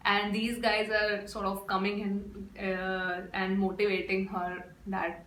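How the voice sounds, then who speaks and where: A woman's voice: mid-range voice, completely flat delivery, slow, few pauses, a bit bright, slight background noise. A woman from India, gushing emotionally in a casual reaction vlog. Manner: gushing, effusive. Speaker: reaction video host. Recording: echoey room with faint music.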